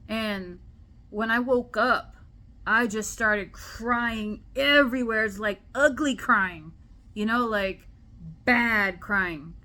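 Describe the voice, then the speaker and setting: A woman telling a personal spiritual story to camera in an animated, chatty way. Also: on the high side, takes it slowly. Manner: animated, chatty, acts out quoted voices. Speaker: spiritual vlogger. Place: indoor room at home.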